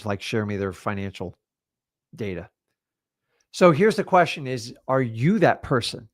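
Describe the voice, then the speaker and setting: A man's voice: on the high side, fairly bright tone, no echo, studio quality. A middle-aged man, a real estate coach, giving a blunt motivational masterclass and swearing casually as he talks.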